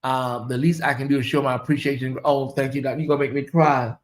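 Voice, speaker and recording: A man hosting a casual livestream, reading viewer comments aloud and stretching out questions slowly for effect. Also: medium pitch, flat delivery. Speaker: livestream host.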